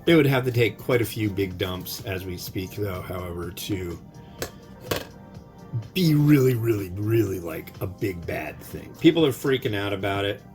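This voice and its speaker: A man's voice: fairly low pitch, expressive, normal speed, darkish tone, soft background music. A man who reviews instant noodles, chatting casually and rambling to his viewers as he cooks and tastes. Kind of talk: casual chat while cooking and tasting.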